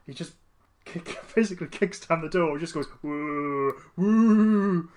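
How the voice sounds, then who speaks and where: A man's voice: on the high side, fairly quick. A man chatting casually as a podcast co-host, rambling with many restarts and fillers. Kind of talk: casual chat.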